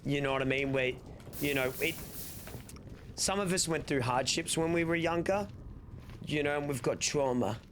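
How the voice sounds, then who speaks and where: A man's voice: fairly high pitch, moderate pace, pauses often. A young Australian man chatting casually to his stream chat, rambling and swearing freely. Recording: steady background noise.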